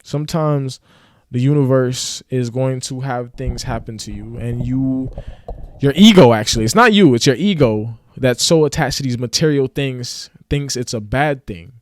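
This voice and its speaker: A man's voice: mid-range voice, normal speed, dry recording. Man, motivational rant, slangy, preachy, dry close sound. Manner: preachy, slangy, acts out mocking voices. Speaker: motivational vlogger.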